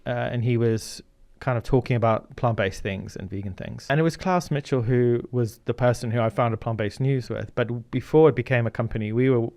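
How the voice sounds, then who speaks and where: A middle-aged man from Zimbabwe, speaking as an interview guest at a middle pitch. He tells his story earnestly, with lots of ums and restarts. The sound is close and dry. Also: fairly quick, few pauses, darkish tone, no room sound. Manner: earnest, anecdotal, many fillers. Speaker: guest, media founder.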